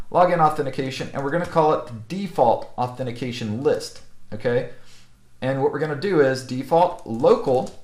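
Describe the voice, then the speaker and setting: Male instructor, relaxed tutorial delivery with lots of "okay?" checks, roomy echo. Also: mid-range voice. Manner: casual, with frequent "okay?" and "right?" checks. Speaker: network instructor. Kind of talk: screen-recorded technical tutorial.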